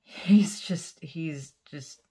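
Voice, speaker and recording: A woman nail art vlogger chatting casually while doing her nails, telling a rambling story with lots of fillers and sometimes dropping to a soft near-whisper as she works. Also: deep voice, drawn-out words, husky.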